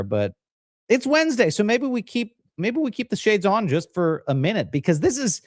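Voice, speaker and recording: An energetic male co-host of a live-streamed political talk show. His slightly high voice leaps up and down with enthusiasm. The sound is dry and close, with no room echo. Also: moderate pace. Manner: energetic, upbeat hosting.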